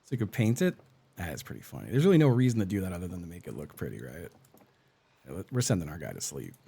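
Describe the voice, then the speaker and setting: A man live-streams a game, chatting casually as he narrates his own moves and greets viewers. His deep, dark voice is fast and sing-song, with vocal fry and a slight roughness.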